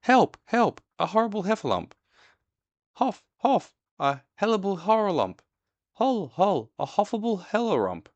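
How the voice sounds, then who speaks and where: Tiny piglet, panicky, shrill cries, stammering, storybook, man putting him on, dry close sound. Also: very animated, normal speed, hardly any pauses, a bit bright, slightly rough, no room sound, dull audio. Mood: panicked.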